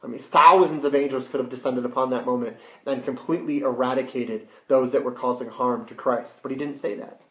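A man preaching a sermon with rhetorical questions and sudden hushed drops. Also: mid-range voice, fairly even intonation, brisk. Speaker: pastor. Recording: roomy echo.

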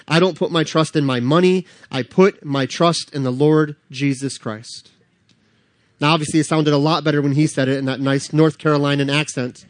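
A middle-aged man preaching a sermon earnestly, slowing for scripture and speeding through announcements. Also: a little high, no room sound, studio quality. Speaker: pastor. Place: church sanctuary.

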